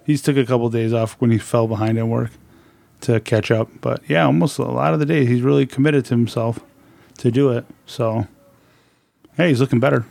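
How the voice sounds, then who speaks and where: A man telling casual workplace stories, blunt and swearing in a deadpan way. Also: medium pitch, fairly quick, gravelly, dry recording. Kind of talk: casual storytelling.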